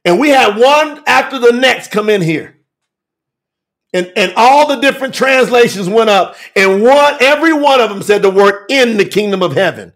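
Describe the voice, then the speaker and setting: A man preaching fiery and emphatic to a telethon audience as a scripture teacher, repeating phrases and shouting at times. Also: extremely high pitch, animated, moderate pace.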